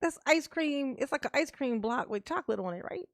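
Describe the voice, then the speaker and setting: A woman's voice: sits high, expressive, a little fast, dry recording, clean studio sound. A woman streamer chatting casually and laughing often as she reacts live and talks to her viewers. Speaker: streamer reacting to a court livestream.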